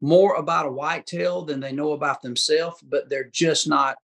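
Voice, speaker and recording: A man's voice: a little high, fairly even intonation, normal speed, gravelly, fairly bright tone. Folksy hunter man chatting. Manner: folksy, gives advice, says dude and bro. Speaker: guest hunter. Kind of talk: casual chat.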